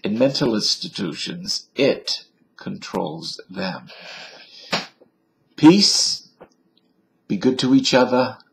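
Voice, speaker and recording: Guy rambling to his webcam, slow and gravelly, kinda wry. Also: on the low side, lively intonation, a bit bright. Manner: wry, self-mocking, musing. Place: indoors at a computer.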